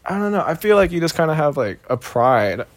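A man's voice: fairly high pitch, big pitch swings, brisk. Laid-back young Texan man, Southern accent. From Texas. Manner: laid-back, heavy swearing, many fillers. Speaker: vlogger. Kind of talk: casual storytelling vlog.

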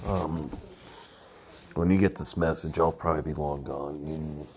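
A woman leaving a comedic tearful voice message, hoarse and gravelly, stammering through a halting confession. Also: very deep voice, fairly even intonation, a little mellow. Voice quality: gravelly, raspy. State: hoarse, voice nearly gone.

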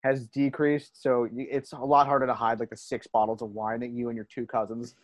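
A man co-hosting a casual podcast, telling animated stories with swearing and laughter. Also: medium pitch, brisk, dry recording. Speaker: podcast co-host.

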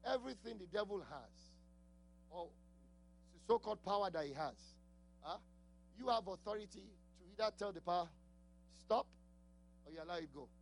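A man's voice: sits high, expressive, fairly quick, pauses often. A man with an accent preaching a sermon, laughing often, asking the congregation questions and repeating key words. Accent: non-native English accent.

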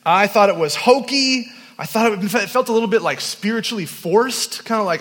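High-voiced man preaching in a reverberant hall. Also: fairly quick, fairly bright tone. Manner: self-deprecating, humorous. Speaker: youth camp speaker. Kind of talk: storytelling sermon.

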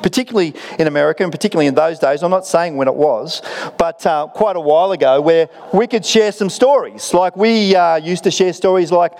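A man's voice: fairly high pitch, fairly quick, darkish tone. A middle-aged Australian man preaching a sermon as a pastor, telling stories conversationally with self-deprecating humour. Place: church auditorium. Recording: long reverb of a large hall.

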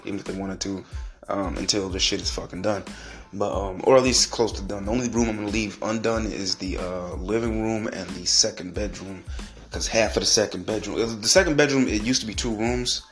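A man's voice: lowish voice, steady tone, brisk. Man, podcast host, solo rant, swears constantly, rambling, faint music underneath. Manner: profane, rambling, repeats himself.

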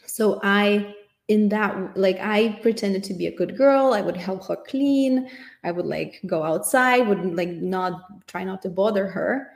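A woman's voice: medium pitch, unhurried, gravelly. A woman speaking in an earnest, reflective personal monologue, thinking aloud as she goes. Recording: echoey room.

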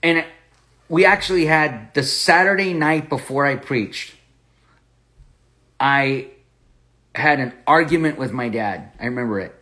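A man's voice: medium pitch, a little slow, long pauses, sharp tone. A man hosting a Bible study podcast, telling a personal testimony in an earnest way and often restarting his words. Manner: earnest storytelling with frequent restarts. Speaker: podcast host and Bible teacher.

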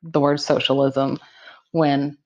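A woman's voice: very deep voice, level tone, slow, a little mellow. A middle-aged woman co-hosting a podcast, chatting casually and laughing easily. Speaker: podcast co-host. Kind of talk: casual chat. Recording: dull lo-fi sound.

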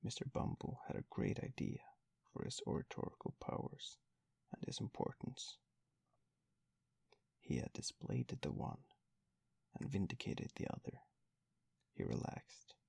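Gravelly, slow, low-voiced male narrator. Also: wildly swooping pitch, a little mellow, no echo. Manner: measured, wryly ironic storytelling. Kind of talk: classic novel read aloud.

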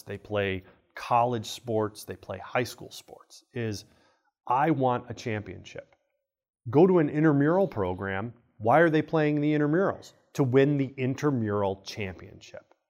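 A man, a kinesiology professor, explaining ideas in a relaxed podcast conversation and acting out the people in his stories. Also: mid-range voice. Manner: animated storyteller, acts out quoted voices. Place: college podcast studio.

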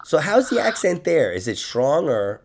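A man's voice: a little high, big pitch swings, normal speed, creaky. A man hosting a casual podcast, joking crudely and laughing often. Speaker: podcast host. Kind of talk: casual comedic banter.

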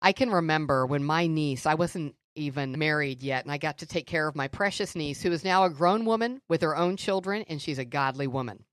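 A middle-aged woman co-hosting a faith podcast, telling stories and teaching in an earnest, animated way. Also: low-pitched, fairly quick, hardly any pauses, no echo, clean studio sound. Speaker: podcast co-host. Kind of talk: faith-based conversational teaching.

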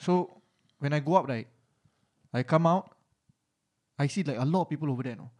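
A young man with a Singaporean English accent, talking quickly on a casual podcast. His voice sits a little high, and he tells stories in an animated, slangy way, laughing often. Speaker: podcast co-host. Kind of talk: casual chat.

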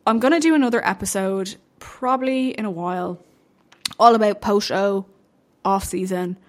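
A woman's voice: medium pitch, normal speed. A young woman talking alone into her podcast mic about her sport. She speaks casually and bluntly, swears freely and gets heated when she feels she has to justify herself. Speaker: podcast host and bodybuilding coach. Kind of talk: casual solo podcast chat.

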